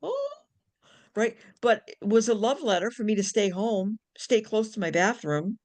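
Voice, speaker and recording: A woman nurse chatting on a video call with friends, animated, acting out inner voices, with many restarts and casual swearing. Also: medium pitch, moderate pace. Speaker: nurse, book club member.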